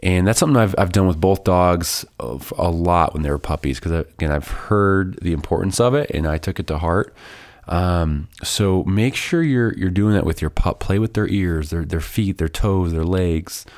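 A man with a deep, low voice hosts his podcast in a relaxed, rambling way. His nose is stuffed up from a summer cold, and he circles back with plenty of ums and restarts. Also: normal speed. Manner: rambling, many fillers and restarts. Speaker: podcast host. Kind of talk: casual solo podcast intro.

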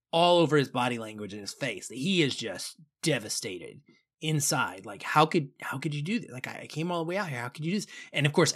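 A man co-hosting a film podcast, talking earnestly and animatedly, slipping into quick quotes of scenes. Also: mid-range voice, a bit bright. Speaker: podcast co-host. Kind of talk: casual film discussion.

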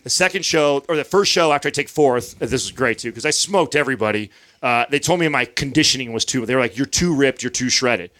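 Speaking fast in a sharp, mid-range voice, a thirtysomething podcast host launches into a long casual story. He's profane throughout and acts out the lines of the people involved.

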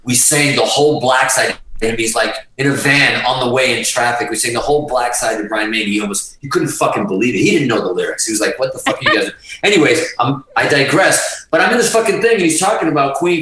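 A middle-aged man, a guest musician, telling a story in a casual, animated way, swearing constantly and restarting his sentences. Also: medium pitch. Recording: roomy sound, distant from the mic.

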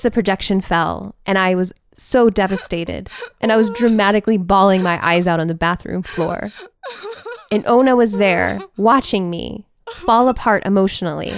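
A woman podcast host telling a personal story in an animated, expressive way, with big swings in pitch and pace. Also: normal speed.

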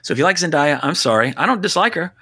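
A man co-hosting a casual film talk, blunt and animated, swearing now and then. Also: fairly high pitch, fast, husky. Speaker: podcast co-host.

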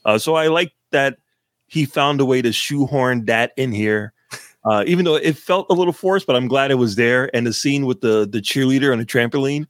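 Rambling, profane podcast co-host from Massachusetts. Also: male voice, medium pitch, normal speed, no echo, studio quality. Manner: rambling, frequent fillers and profanity. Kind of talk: casual movie review chat.

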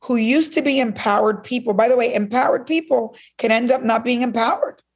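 A Cuban woman, a guest in a conversation, tells a story at a brisk clip in a fairly high voice. She is animated and acts out the voices of the people she quotes.

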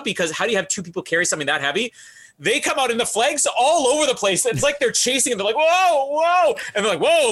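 A man co-hosting a casual chat, telling quick, chatty stories. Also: high voice, pushed and bright, breathy edge. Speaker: podcast co-host.

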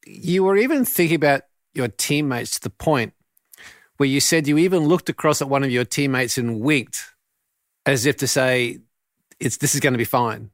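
A man's voice: mid-range voice, moderate pace, no room sound, studio quality. A man hosting a podcast interview, asking earnest, searching questions and often restarting them as he goes. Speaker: podcast host.

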